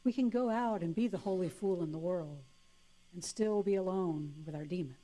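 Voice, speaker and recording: A woman minister giving a playful, warm sermon, laughing easily. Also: on the low side, normal speed.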